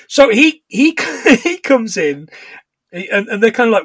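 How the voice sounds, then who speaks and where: A middle-aged man co-hosting a podcast, chatting casually about a film, laughing often and retelling scenes in rough put-on voices. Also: high voice, very animated, slow, long pauses, a bit bright, no room sound. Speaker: podcast co-host. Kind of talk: casual chat recapping a film.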